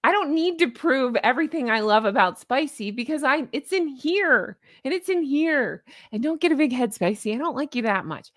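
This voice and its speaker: A woman's voice: sits high, expressive, normal speed, few pauses, fairly bright tone, dry recording, studio quality. A woman hosting a casual livestream, chatting and joking with viewers. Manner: chatty, jokey, greets viewers. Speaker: host of a commentary channel.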